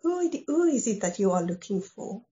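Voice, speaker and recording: A woman voicing a calm grown man who speaks gently, on a dull lo-fi recording. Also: mid-range voice, normal speed, lightly acted. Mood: gentle.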